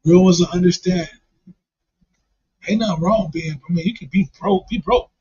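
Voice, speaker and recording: Husky man rambling in lo-fi. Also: sits high, moderate pace, warm tone. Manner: rambling, repeats himself. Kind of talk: casual profane chat. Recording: dull lo-fi recording.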